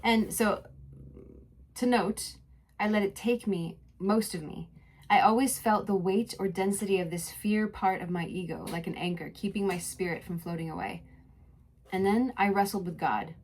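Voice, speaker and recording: A young woman telling a deeply personal story on her podcast. Her voice is soft and introspective, and she sits at an everyday middle pitch. The delivery drifts between poetic narration and loose, chatty asides. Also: moderate pace, slight background noise. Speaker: podcast host. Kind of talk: mix of reflective spoken narration and casual chat.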